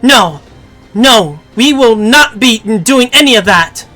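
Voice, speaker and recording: A streamer reading a game script aloud on stream, voicing a resolute young hero who speaks in a firm, steady, measured way. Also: mid-range voice, faint music behind. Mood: defiant.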